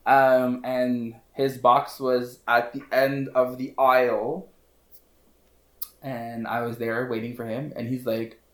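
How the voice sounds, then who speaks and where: A man, a hairstylist guest on a podcast, telling a story in an animated, casual way, full of fillers and repeated phrases. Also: mid-range voice, slow. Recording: roomy echo.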